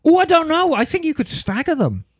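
A podcast host chatting casually, theatrical and playful in his delivery. His voice sits high for a man and swings widely in pitch. The sound is dry and close. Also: huge pitch swings, brisk, dry recording. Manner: theatrical, playful, calls co-hosts darling.

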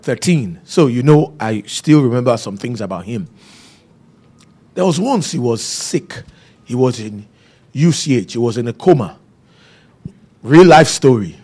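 A man's voice: mid-range voice, darkish tone. A man preaching a sermon, telling stories and repeating key phrases for emphasis. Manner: storytelling, emphatic repetition.

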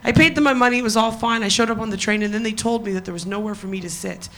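A woman's voice: on the high side, racing, a bit bright, a little hiss or hum. A woman comedian performing a punchy, profane stand-up set on a live stage.

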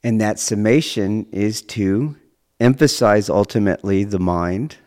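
A man with a very low voice gives a measured podcast monologue, choosing his words with care and restating each point in academic terms. His voice carries a long reverb, as if he were recorded in a large, roomy space. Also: a little mellow. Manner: deliberate, academic phrasing with frequent rephrasing. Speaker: martial arts teacher and podcast host.

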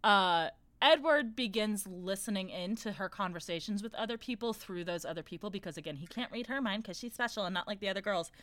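A woman's voice: mid-range voice, fairly quick, few pauses, a bit bright, no room sound. A woman co-hosting a casual book discussion, sarcastic and mocking, acting out characters' lines.

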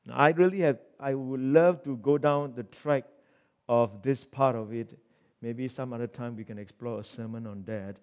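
A man preaching a sermon, reading scripture aloud and swinging between forceful emphasis and quiet asides, with rhetorical questions to the congregation. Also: mid-range voice, moderate pace, clean tone, highs cut off. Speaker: pastor.

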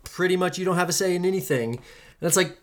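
Fast-talking and fully impassioned, a solo podcast host preaches to listeners with emphatic repetition and casual swearing. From line to line the pitch jumps high and falls low, and the pace keeps shifting, swinging widely throughout.

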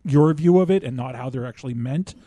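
A man's voice: medium pitch, a little fast, dark tone, dry recording. A man talking casually as a regular on a podcast, hesitant, with many ums and restarts. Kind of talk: casual chat.

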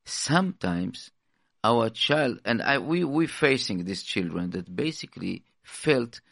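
Halting, gravelly male radio co-host. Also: mid-range voice, sing-song, fairly bright tone, no room sound, studio quality. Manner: halting, many restarts and fillers. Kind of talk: call-in radio advice talk.

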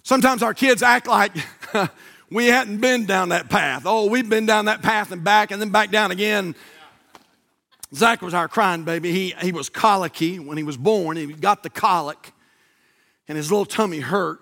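High, bright preacher man. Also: moderate pace. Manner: dynamic, swings from shouting to near whisper. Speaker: pastor. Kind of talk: sermon. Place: church sanctuary.

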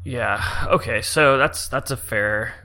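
Bright-voiced, rambling podcast co-host man. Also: mid-range voice, slow, slight background noise. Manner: rambling, eager, talks through his reasoning. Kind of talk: casual podcast chat.

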